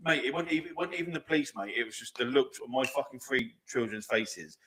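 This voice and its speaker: A man, talking fast and emphatically in a casual podcast chat, swearing often and calling his listener "mate". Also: mid-range voice, pushed and bright, slight background noise. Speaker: podcast co-host.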